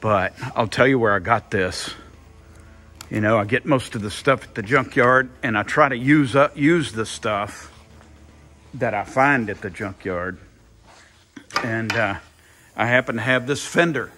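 Slow, rambling man in his workshop. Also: mid-range voice, sharp tone, faint music behind. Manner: rambling, thinks aloud, repeats himself. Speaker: car builder, channel host. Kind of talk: casual workshop vlog.

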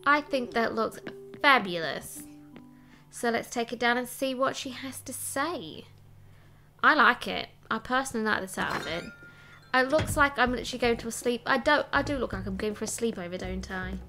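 A woman chatting playfully while she plays a game and thinks out loud, with game music behind. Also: a little high, a little fast. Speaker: let's play host. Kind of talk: casual gameplay commentary.

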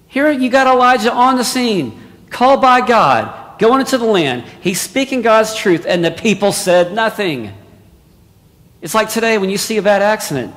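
A male preacher delivering a sermon, dropping to hushed asides and then rising to loud exclamations. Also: sits high, sing-song, normal speed. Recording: long hall reverb.

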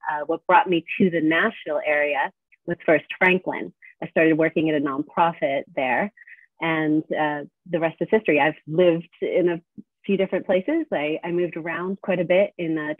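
A woman's voice: deep voice, no room sound. A woman from New York State, raised in South Florida, chatting as an interview guest in a friendly way and laughing easily. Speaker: guest, business owner. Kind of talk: interview answers. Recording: dry, tinny phone-like line.

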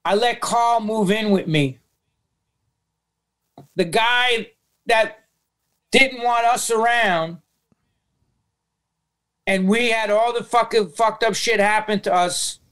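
Middle-aged new york guy, high-ish voice, smooth and clear, blunt and swearing, spilling a heavy story on a podcast. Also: takes it slowly, long pauses, fairly bright tone. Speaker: podcast guest. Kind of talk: casual interview storytelling.

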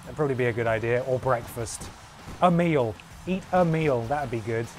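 A man's voice: mid-range voice, moderate pace, slight background noise. A man streaming a wrestling game, calling the action as mock commentary with a playful, jokey manner. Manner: playful, jokey, breaks into humming and sound effects.

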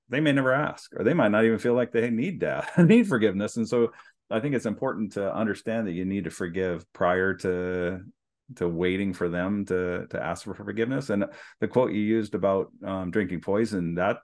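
Podcast guest, man, low voice, measured and thoughtful delivery. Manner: measured and reflective, with some restarts. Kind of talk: reflective conversation.

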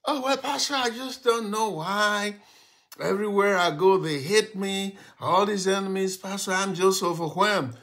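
A man voicing a weary, complaining churchgoer woman in a high, whining voice. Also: steady tone, fairly bright tone. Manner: sighing, halting, self-pitying.

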